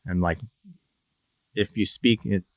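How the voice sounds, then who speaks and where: A man's voice: deep voice, steady tone, slow pace, a bit bright, no room sound, studio quality. A man from Northern Virginia, a podcast guest in casual conversation, rambling, laughing often and acting out quoted voices.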